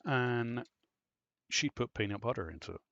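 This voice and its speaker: A man's voice: medium pitch, expressive, moderate pace, fairly bright tone, dry recording. A man hosting a podcast, telling a long story in a casual, rambling way and swearing freely. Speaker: podcast host. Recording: dull lo-fi voice recording.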